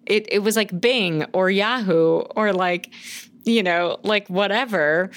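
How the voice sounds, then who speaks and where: A woman in her thirties co-hosts a podcast, speaking slowly in a medium-pitched voice. She rambles and gushes through the casual chat, swearing freely.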